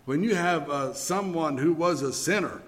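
A man preaching a sermon in a church, speaking deliberately with pauses and occasional fillers. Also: a little high. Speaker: pastor.

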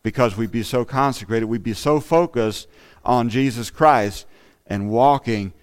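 A man's voice: medium pitch, a little slow, clean tone. A man giving an earnest, conversational sermon in a church, often saying "you know" as he talks. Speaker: lay preacher.

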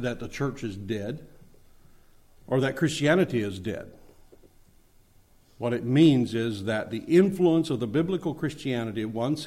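A man's voice: medium pitch, a little mellow. Earnest male pastor preaching. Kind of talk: sermon.

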